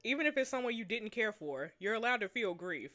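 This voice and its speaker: A steady male survivor in a story game, as a woman reads him aloud, his lines dropped a little lower and softer than her own voice. He talks in a measured, reassuring way, never rushing. Quiet and even. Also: soft background music. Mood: calm.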